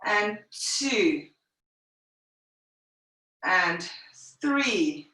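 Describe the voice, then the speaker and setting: A woman's voice: medium pitch, sharp tone. A woman pilates instructor teaching a live online class, cueing breaths and counting reps in short phrases, a little out of breath. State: slightly out of breath. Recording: very echoey room, voice far from mic.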